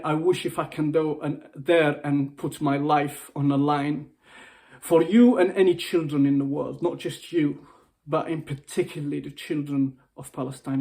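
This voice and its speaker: A man's voice: fairly high pitch, a little mellow. A male motivational speaker gives an upset, emotional video message. He pleads, repeats himself and restarts his phrases. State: upset, near tears. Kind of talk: impassioned personal video message.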